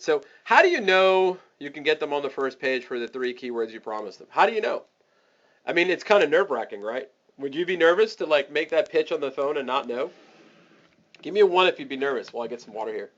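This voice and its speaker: A man teaching a webinar, giving energetic step-by-step sales coaching and acting out the scripts for his listeners. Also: mid-range voice, muffled recording. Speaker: online marketing coach.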